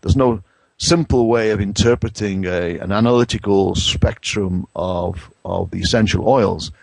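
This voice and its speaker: A middle-aged Englishman with a low voice explains brewing science as an interview guest, often stopping and restarting his sentences. The recording is dry and close, with no room sound. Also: a little slow, gravelly, dry recording. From England. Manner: hesitant, many restarts and fillers. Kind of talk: conversational expert interview.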